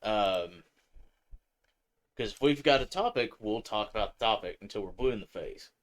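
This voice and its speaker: A man's voice: fairly low pitch, expressive, normal speed. A man co-hosting a casual live stream, laid-back, laughing often and swearing casually.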